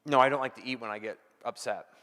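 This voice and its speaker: Male pastor preaching, repeats stuff, goes loud then real quiet, big hall reverb. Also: mid-range voice, fast talker. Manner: emphatic, repeats key phrases, swings from loud to hushed. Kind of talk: sermon.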